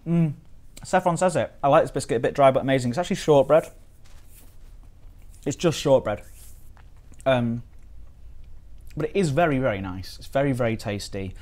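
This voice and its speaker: A man's voice: medium pitch, normal speed, long pauses, darkish tone. A man from the United Kingdom chatting casually on a live stream as he reviews biscuits and reads out the chat.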